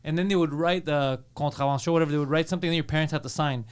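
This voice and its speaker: Man, podcast co-host, brash, profane, fast talker, slightly high voice. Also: steady tone, clear, resonant tone. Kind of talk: casual chat.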